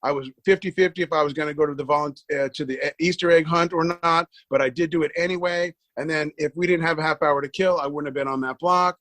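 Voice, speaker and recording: A middle-aged man appears as a guest on a podcast, telling a long story in a relaxed interview, acting out the dialogue and repeating words when he gets excited. His voice is on the high side, fast with few pauses, and the recording has no echo.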